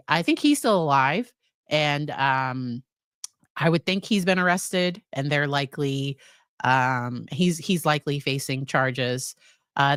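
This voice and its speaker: Woman psychologist doing a casual live stream, kinda low voice, chats right to the viewers. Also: fairly bright tone, smooth, dry recording, clean studio sound. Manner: chatty, addresses her live chat directly.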